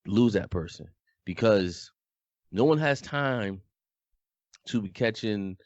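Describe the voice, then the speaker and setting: A man co-hosting a podcast in a casual, animated, slangy chat, with a slightly smoky voice. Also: fairly low pitch, takes it slowly, no room sound, lo-fi sound. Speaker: podcast co-host.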